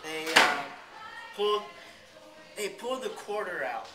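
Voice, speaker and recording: A man's voice: sits high, animated, measured pace, background noise. A man casually telling a rambling, jokey childhood story, swearing now and then, in a school hallway. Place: school hallway outside a band room. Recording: echoey hallway.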